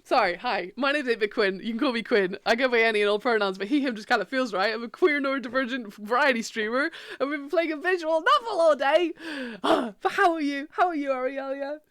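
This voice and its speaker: A woman's voice: high voice, fast, hardly any pauses, a bit bright, no room sound, studio quality. A young adult woman streaming a game from a room at home, chatting with viewers in a bubbly, gushing, giggly way. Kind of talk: casual livestream chat and reading a game aloud.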